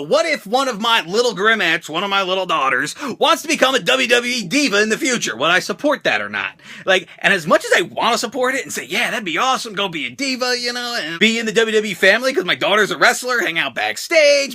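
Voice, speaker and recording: A high-voiced American man in his thirties hosts a casual fan Q&A about his toy collection. His voice swoops up and down with a lot of energy, sharp and bright. He curses freely and jumps into squeaky voices when he acts out quotes. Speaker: toy collector vlogger answering fan questions. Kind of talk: casual Q&A vlog.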